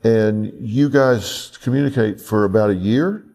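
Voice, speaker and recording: A man interviewing calmly, asking probing questions and repeating answers back. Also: on the low side, unhurried, gravelly.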